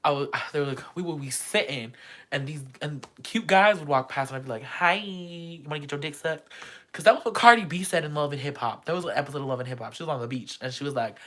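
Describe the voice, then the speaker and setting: A young woman vlogging a casual storytime monologue, animated and dramatic, crude and joking. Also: a bass voice, fast.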